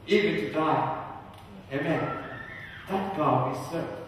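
A man's voice: fairly high pitch, unhurried. A male pastor giving a sermon, telling a story earnestly and building to fervent emphasis. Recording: echoey hall from far off.

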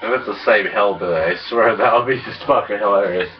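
A man giving casual game commentary, rambling and crude, laughing and jumping into high excited yelps. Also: brisk, distant mic, highs cut off. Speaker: gameplay commentator.

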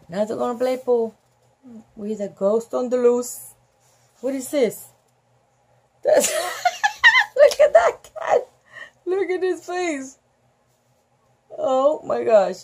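A woman's voice: a little high, darkish tone. Giggly woman reading a storybook aloud. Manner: giggly, chatty, easily amused. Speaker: storybook reader. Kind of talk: reading a picture book aloud with asides.

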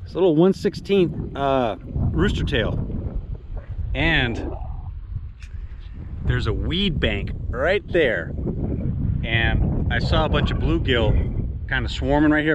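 A man's voice: medium pitch, lively intonation, unhurried, long pauses, highs cut off, noisy background. A man vlogging outdoors from a reservoir shore, talking casually and exclaiming straight to his viewers. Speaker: fishing vlogger.

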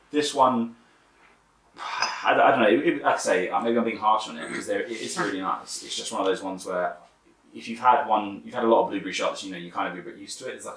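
A man chatting casually as a guest, telling stories with animated energy and a fair bit of swearing. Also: fairly low pitch, creaky. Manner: swears freely, animated storytelling. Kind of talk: casual chat. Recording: echoey room, mic at a distance.

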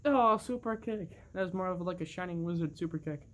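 A commentator calling a toy wrestling match with excitable bursts of oohs and laughter. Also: medium pitch, a little fast, slight background noise. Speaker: play-by-play commentator.

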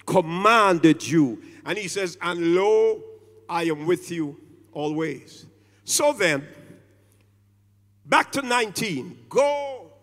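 A man's voice: sits high, expressive. A man preaching a sermon in a church, hitting single words hard and stretching phrases, and calling on the congregation to answer. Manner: preaching with sudden loud stressed words and drawn-out phrases; calls on the congregation to respond. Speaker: pastor. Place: church sanctuary. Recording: reverberant church hall.

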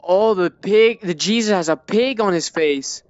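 A gamer with a clean voice that sits high speaks a little slowly while doing let's play commentary on a VR horror game. He's jumpy and panicky, swearing and muttering to himself, in a dull, lo-fi, dry recording.

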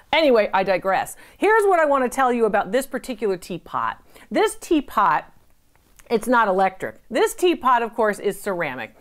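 Woman from the United States, middle-aged, appraiser, slightly high-pitched, emphatic, anecdotal. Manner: emphatic, chatty, digressive with anecdotes. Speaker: antiques appraiser. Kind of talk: appraisal tips to camera.

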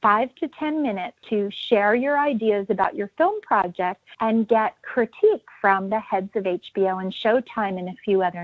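Middle-aged woman, podcast guest, animated storytelling, dry close audio, slightly muffled. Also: medium pitch, dry recording. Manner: animated storyteller, acts out quoted voices. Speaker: podcast guest, birth educator.

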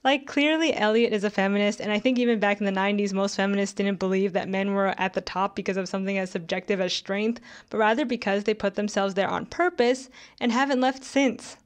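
A young woman reading a scripted video essay in a critical, conversational way, with sarcastic asides. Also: mid-range voice.

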